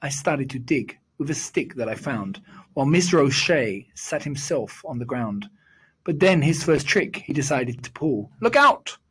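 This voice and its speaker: A man reciting a rhyming children's poem in a measured, sing-song storytelling delivery. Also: mid-range voice, expressive, slightly rough.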